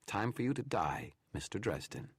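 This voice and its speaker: A man's voice: on the low side, sing-song, normal speed, husky, no room sound, clean studio sound, pitched above the performer's own voice, full character voice. A man voicing a menacing, sneering sorcerer's phantom image that speaks with cold, supreme confidence.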